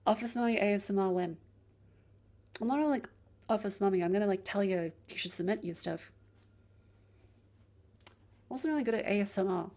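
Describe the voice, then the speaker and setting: A chatty woman streamer with a mid-range voice, rambling and joking between checks. She holds a handheld mic and moves it around as she talks, at home in her streaming room. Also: medium pitch. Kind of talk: casual live-stream chat. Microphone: handheld mic moved around while testing.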